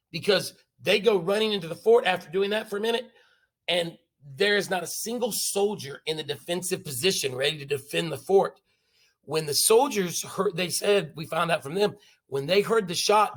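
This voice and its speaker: Animated, jokey male teacher. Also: fairly high pitch. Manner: animated, jokey, makes sound effects. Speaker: history teacher. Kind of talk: classroom lecture storytelling.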